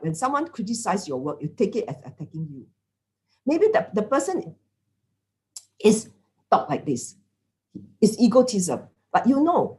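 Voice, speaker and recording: Woman, middle-aged, Singaporean English accent, lay dharma teacher, chatty, lowish voice. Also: a little mellow. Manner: chatty, peppered with "lah" and "okay?", acts out quoted speakers. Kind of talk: dharma talk.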